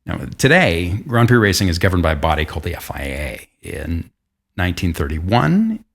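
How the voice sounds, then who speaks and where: A man with a low, deep voice hosts a podcast and tells a history story in his own casual way. He talks in a chatty, self-deprecating style, full of asides and quick restarts. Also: very animated, gravelly. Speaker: podcast host.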